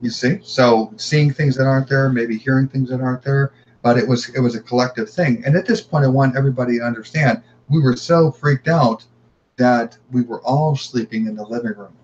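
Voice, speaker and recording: A man telling paranormal stories in casual conversation, halting and repeating words as he goes. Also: medium pitch, a little mellow. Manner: halting, repeats words, acts out family dialogue. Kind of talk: casual storytelling. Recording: dull lo-fi sound, faint noise.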